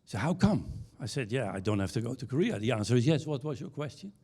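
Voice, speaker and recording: A man's voice: mid-range voice, very animated, a little mellow, husky. A man giving a conference keynote. He tells anecdotes, restarts his sentences and ends on punchlines. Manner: anecdotal storyteller with halting restarts, ending on punchlines. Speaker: keynote speaker. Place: conference stage.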